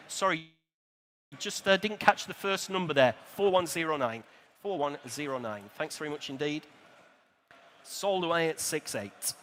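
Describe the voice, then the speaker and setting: In a vast exhibition hall where the reverb trails on and on, an auctioneer runs through bids in a brisk, talkative rhythm, dropping in small dry remarks. His voice is pitched high and bright enough to slice through the space.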